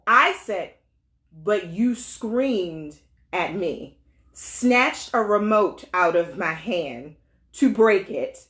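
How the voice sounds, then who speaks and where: A woman co-hosting a casual talk, telling a story with insistent, animated energy and frequent laughter. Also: medium pitch, echoey room.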